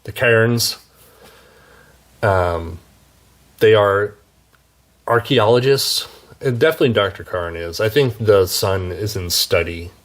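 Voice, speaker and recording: Low-voiced man chatting wryly about books. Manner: wry, chatty, self-correcting. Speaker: book reviewer. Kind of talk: casual book review talk.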